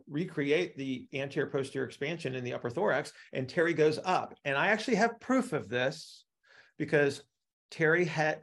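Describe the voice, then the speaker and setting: A man's voice: mid-range voice, fairly bright tone. A man teaching a live class, explaining with analogies and often checking in with "right?". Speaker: instructor.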